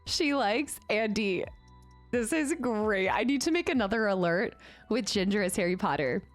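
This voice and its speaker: A woman's voice: medium pitch, expressive, normal speed, faint music behind. A young woman chatting casually on a livestream in a bubbly way, thanking viewers and cooing at her pet.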